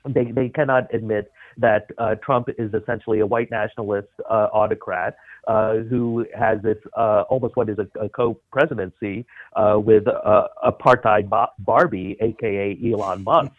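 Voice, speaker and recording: A man's voice: on the low side, steady tone, moderate pace, dry recording. A man giving political commentary as a phone-in radio guest, talking emphatically and scornfully, with many filler sounds. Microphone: phone line. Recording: tinny dry phone line.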